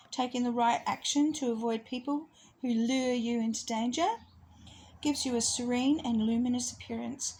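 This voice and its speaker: A woman giving a rambling, chatty spiritual talk, with laughs and soft asides. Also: on the high side, slight background noise, rough recording. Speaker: astrology presenter.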